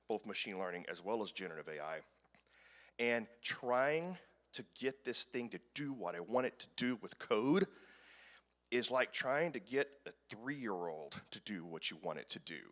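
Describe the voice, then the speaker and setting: Low-voiced man giving a talk. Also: fairly bright tone. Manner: casual, rambling, self-deprecating. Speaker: conference speaker. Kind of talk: conference presentation. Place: conference room.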